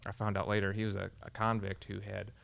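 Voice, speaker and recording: A man on a podcast, telling an old fight story in a laid-back, measured way. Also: lowish voice, completely flat delivery, vocal fry, fairly bright tone. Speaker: podcast guest, former fighter. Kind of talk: casual storytelling chat.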